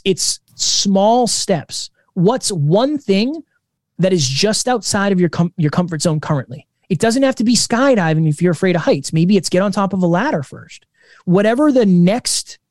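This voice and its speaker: A man in his twenties, a podcast co-host, telling stories in a casual, energetic interview. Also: high-pitched, no room sound, clean studio sound. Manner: energetic, animated storytelling.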